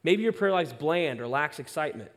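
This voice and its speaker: Animated young man preaching in a reverberant hall. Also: fairly high pitch, a little fast. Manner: animated storytelling with self-aware asides. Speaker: pastor. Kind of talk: sermon.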